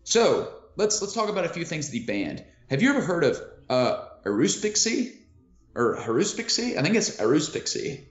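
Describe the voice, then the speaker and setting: A man's voice: a little high, wildly swooping pitch, brisk, few pauses, soft background music. A man co-hosting a casual history podcast, talking loosely with many fillers and the odd swear word. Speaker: podcast co-host. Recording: roomy lo-fi audio.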